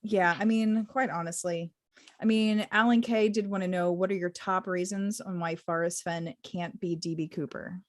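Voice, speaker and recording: Woman host, laid-back and playful, kinda halting. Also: lowish voice, steady tone. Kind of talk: casual video chat.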